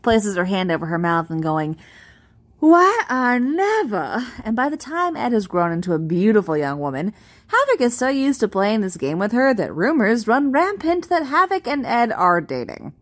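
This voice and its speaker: Lively woman reading a fan post aloud. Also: medium pitch, normal speed. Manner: animated, amused, expressive. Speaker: reader.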